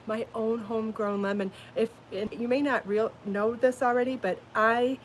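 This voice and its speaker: A woman's voice: fairly high pitch, fairly even intonation, normal speed, few pauses, a little hiss or hum. A woman hosting a casual live podcast from home, chatty and bubbly, laughing often as she talks. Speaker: podcast host and crochet designer. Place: home, then out in her garden.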